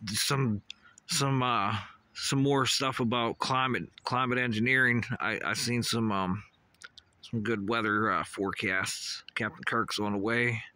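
A man's voice: mid-range voice, steady tone, measured pace, pushed and bright. A man vlogging on a hilltop walk, rambling and swearing casually as he chats to animals and trees, recorded outdoors on a phone. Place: outdoors on a hilltop walking path. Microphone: phone camera.

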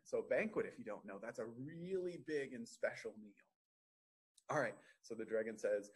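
A man reading a story aloud to children at a library storytime, gently asking the listeners questions. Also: mid-range voice, animated, moderate pace, husky.

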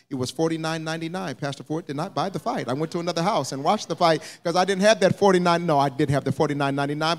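A man preaching a sermon as pastor, telling a story that builds into fervent, rising preaching. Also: on the high side. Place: church sanctuary.

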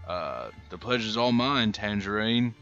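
A former priest surviving in a zombie game, voiced by a man in an accent that keeps wandering. The voice sits a little low and sounds bright. Faint music plays behind it. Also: lively intonation, measured pace, muffled recording. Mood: earnest.

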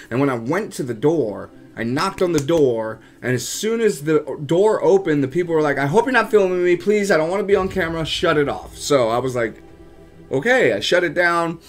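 A man vlogging casually to camera about his urban exploring, chatty and animated, often calling out to his viewers. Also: on the high side. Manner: animated, chatty, keeps addressing viewers as guys.

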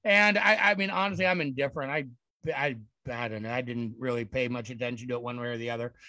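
A man's voice: medium pitch, fast talker, sharp tone, no echo. A man on a casual review panel, laid-back and shrugging, swearing offhandedly.

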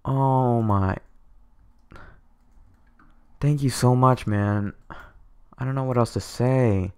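A young man giving excited gameplay commentary to his viewers as a streamer, stammering and thanking them over and over, with keyboard clicks near his microphone. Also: medium pitch, slow pace, smooth. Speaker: gaming streamer.

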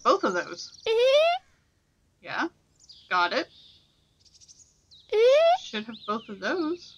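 A woman's voice: medium pitch, big pitch swings, drawn-out words, long pauses, bright, forceful tone, dull audio, slight background noise. A woman streaming a video game, chatting casually to herself and scolding the creatures on screen. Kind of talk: casual gameplay commentary.

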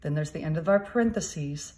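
Gentle woman teaching young children. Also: low voice. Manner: gentle, slow and explaining, stresses key words. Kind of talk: recorded lesson for children.

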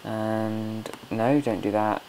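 A man's voice: fairly low pitch, level tone, slow pace, darkish tone, slight background noise. A man hosting a casual gameplay commentary from home, chatty, coaxing and scolding his game characters. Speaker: let's play host.

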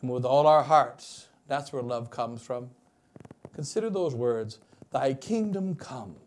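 A bishop preaching a wedding sermon, swinging between loud emphatic lines and quiet asides. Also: male voice, mid-range voice, expressive, slow pace.

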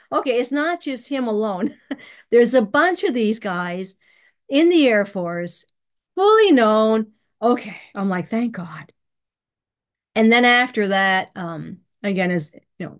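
A woman hosting her own channel, telling a personal story in a chatty, casual way, laughing often and acting out the dialogue. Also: mid-range voice. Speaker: channel host. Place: bedroom.

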